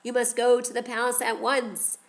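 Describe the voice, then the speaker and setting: A woman's voice: on the high side, little pitch movement, normal speed, voice pushed up, close to an everyday voice. A woman voicing an eager young girl in a children's story, urging her mother to hurry. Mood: urgent. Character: quick-thinking young girl, urgent and eager.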